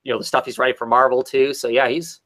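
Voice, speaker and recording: A man's voice: mid-range voice, little pitch movement, fast, a bit bright. A man casually recapping a comic story, rambling with many fillers and restarts. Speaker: podcast co-host reviewing comics. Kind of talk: casual chat.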